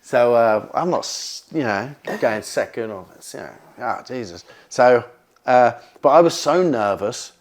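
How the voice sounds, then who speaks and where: A man, a guest in an interview, telling stories in a lively, casual way and often repeating words. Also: mid-range voice, a little slow. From England. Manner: animated, repeats words, acts out quoted speech, swears casually. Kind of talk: casual storytelling.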